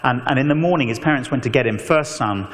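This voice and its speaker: A man preaching an animated evangelistic talk, telling stories with mock voices and asides. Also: medium pitch, fast. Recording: long echo of a large hall.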